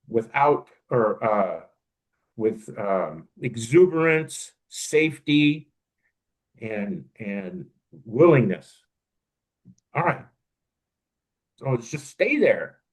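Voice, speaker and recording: A man of middling pitch co-hosts a casual podcast conversation. He talks reflectively, thinking aloud and circling back to restart his sentences as he works through his point. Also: animated, slow, long pauses, poor audio. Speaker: podcast co-host.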